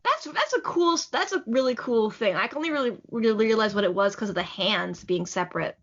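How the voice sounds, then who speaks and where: This podcast co-host's voice runs on the high side, with lively intonation and a fairly bright tone, as she recaps a manga chapter. Her casual talk is enthusiastic, heavy on "like" fillers and quick laughs, heard through slightly muffled lo-fi audio.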